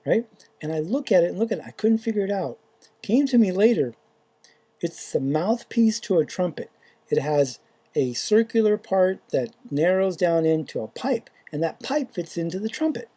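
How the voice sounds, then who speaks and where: A faith vlogger tells a dream in a loose, rambling way, stopping and restarting often with fillers. The voice is very dark and mellow, with a husky, breathy edge. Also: mid-range voice, expressive, moderate pace. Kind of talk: casual dream retelling.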